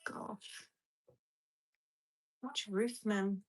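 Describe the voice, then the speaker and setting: Woman, young adult, live-stream host, casual chat with viewers, giggly, rambling, middle pitch. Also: fairly even intonation, extremely slow, slightly rough, low-quality recording. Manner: chatty and giggly, rambling with restarts. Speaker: livestream host. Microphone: phone or webcam on a live stream.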